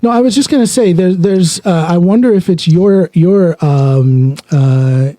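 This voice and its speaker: Male host, hesitant questioner; very dark, mellow tone, dry close sound. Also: sits high, no room sound, rough recording. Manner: halting, hesitant, many restarts. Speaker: podcast host. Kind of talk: casual interview questions.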